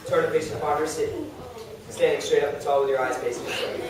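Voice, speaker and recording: Male teacher, fairly high voice, brisk and directive, recorded from across a very echoey classroom. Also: distant mic, crowd noise. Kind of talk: classroom instruction.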